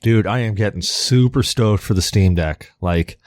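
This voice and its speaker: A man's voice: on the low side, normal speed, a little mellow, no echo. A man co-hosting a podcast in rambling, casual chat, swearing now and then, from the New York area. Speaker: podcast co-host.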